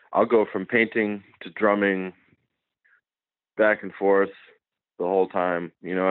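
A man's voice: sits low, no room sound. Easygoing man on a tinny phone line. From Massachusetts. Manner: easygoing, uses lots of "man" and "dude". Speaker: guest artist. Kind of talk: casual interview chat. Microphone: phone call.

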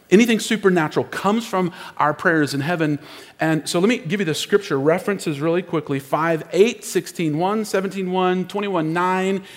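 A man in the pulpit delivers his sermon with emphatic repetition, his voice sitting a touch high. The sound rings out with a long reverb from a church auditorium. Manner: emphatic preaching, repeating phrases for effect. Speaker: pastor.

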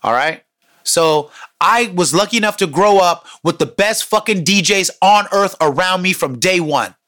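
A man hosting a podcast, telling street stories in a casual, profane, animated way and acting out quotes. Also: high-pitched, normal speed. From San Francisco Bay Area. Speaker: podcast host. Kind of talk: casual storytelling monologue.

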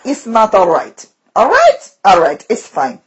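Woman plays a stern teacher in a jokey Russian accent; clipped, gruff, raised and husky. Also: mid-range voice, huge pitch swings, unhurried, muffled recording, full character voice. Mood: mock stern. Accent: mock Russian.

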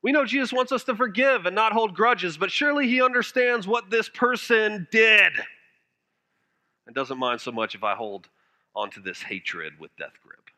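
A man preaching a sermon with passion, now and then dropping his voice to a hush for emphasis. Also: animated, moderate pace. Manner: impassioned preaching, dropping to hushed low phrases for emphasis. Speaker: pastor.

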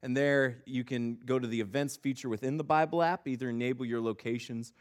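A man's voice: medium pitch, fairly even intonation, a little fast. A male pastor in his thirties preaching a sermon, telling a funny personal story with lots of repeated words before moving into scripture. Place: church sanctuary.

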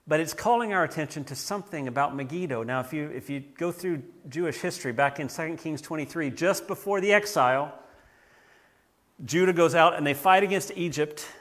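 Pastor type, man raised in the American South, slightly high voice, earnest preaching with repeated restarts. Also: a bit bright. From southern United States. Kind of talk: sermon.

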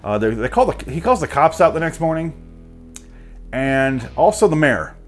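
A man's voice: fairly high pitch, very animated, moderate pace, soft background music. A man giving a crude, exasperated comedic rant about a movie, mocking it as he goes. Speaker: movie reviewer.

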